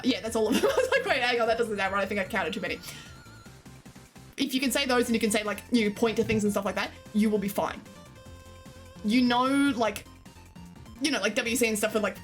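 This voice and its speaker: An Australian woman streaming, chatting casually and giggling while she reads and answers her live chat. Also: medium pitch. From Queensland, Australia.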